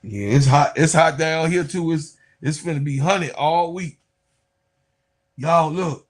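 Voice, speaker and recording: Excitable husky-voiced man talking sports. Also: a little high, slow pace. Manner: excitable, loud, chatty, talks to viewers as y'all. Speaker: sports podcast host. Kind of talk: animated casual sports commentary.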